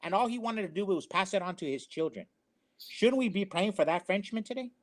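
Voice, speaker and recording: Man co-host, high-pitched, preachy and emphatic, opinion-show commentary. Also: expressive, fairly quick. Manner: emphatic, preachy, repeats phrases.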